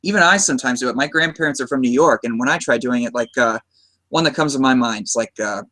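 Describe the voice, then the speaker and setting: This podcast host from the United States talks movies in a loose, excited way, frequently starting over mid-thought. His voice sits at medium pitch with a sharp tone, and he speaks quickly.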